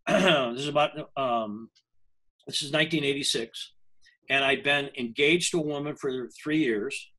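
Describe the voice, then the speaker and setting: An older man in a conversational interview speaks as a language coach recounting a personal experience. His voice sits a little higher than most men's. He talks earnestly, stopping and restarting phrases as his thoughts catch up. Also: fairly bright tone, low-quality recording. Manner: earnest, self-interrupting storyteller.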